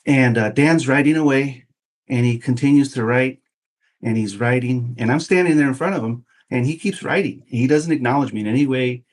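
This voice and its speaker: A man's voice: medium pitch, normal speed. A man in his fifties telling a long personal story as a podcast guest, acting out the voices of the people in it. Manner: animated, acts out quoted voices. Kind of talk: casual storytelling.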